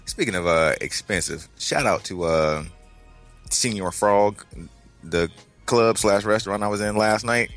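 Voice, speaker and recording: A man's voice: fairly low pitch, a little slow, fairly bright tone, faint music behind. A man co-hosting a casual chat, telling a laid-back joking anecdote. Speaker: podcast co-host.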